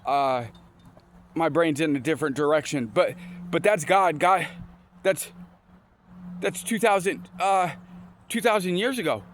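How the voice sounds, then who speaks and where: A man's voice: fairly high pitch, measured pace, pauses often, fairly bright tone, a little hiss or hum. A man casually telling motivational stories, rambling and restarting often, with scripture mixed in. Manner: mixes in scripture quotes. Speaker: motivational storyteller.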